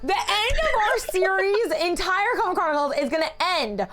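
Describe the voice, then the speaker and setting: A woman's voice: very high voice, animated, normal speed. A woman player in a tabletop game, chatting in a giggly, playful way. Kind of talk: casual game chat.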